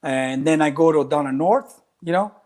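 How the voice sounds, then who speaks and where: A man tells coaching stories in a casual interview, slightly high in pitch for a man. He acts out each person he quotes and slips in Spanish phrases. He sounds middle-aged. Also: moderate pace, a little mellow. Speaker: track and cross country coach.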